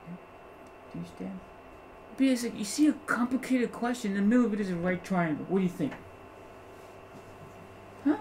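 Gravelly-voiced man teaching a math class. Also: sits high, fairly quick, pauses often, a little hiss or hum, poor audio. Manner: animated, keeps checking understanding with rhetorical questions. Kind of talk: classroom lecture.

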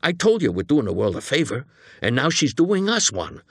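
A nervous young hitman who pleads and pushes his plan , as a man reads him in an audiobook. His voice sits higher and swoops with worry. The sound is close and dry. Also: big pitch swings, a bit bright, slightly rough, dry recording, exaggerated voice. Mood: nervous pleading. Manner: earnest, pleading, talking fast. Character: nervous young male hitman partner, eager and jittery.

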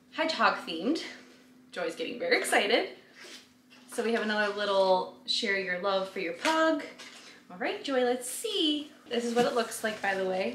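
A woman's voice: medium pitch, a bit bright, slight background noise. A woman hosting a casual unboxing vlog, slipping into sing-song baby talk as she chats to her dog at home. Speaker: vlog host. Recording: roomy, echoey room sound.

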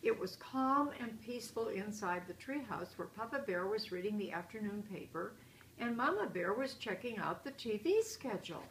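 A woman reads a picture book aloud at bedtime, chatting about the pictures between pages. Her pitch sits mid-range but moves a lot. Faint noise hums behind her. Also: lively intonation, moderate pace, a bit bright, rough recording. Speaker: storyteller.

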